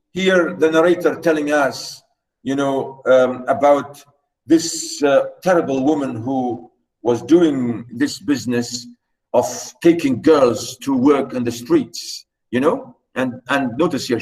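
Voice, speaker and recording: Slow, explaining male literature lecturer. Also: mid-range voice, darkish tone, low-quality recording. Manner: explanatory, repeats points, many "you know" fillers. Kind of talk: lecture reading and explaining a novel.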